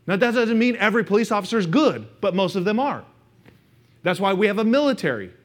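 A middle-aged pastor preaching in a church sanctuary, his voice sitting a little higher than most men's. He speaks in a loose, conversational way, mixing scripture with family stories and often turning to address the people in the pews. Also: sing-song, fast. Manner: conversational, anecdotal, speaks directly to the congregation. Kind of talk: sermon.

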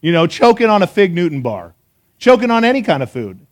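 A pastor preaching a sermon to a live congregation, an animated storyteller who talks straight to his listeners with questions and laughs at his own jokes. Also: high-pitched, fairly quick. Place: church service before a live congregation.

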